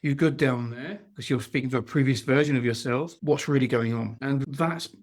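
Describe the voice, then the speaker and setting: A man's voice: mid-range voice, moderate pace. Emphatic male podcast host. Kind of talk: interview chat.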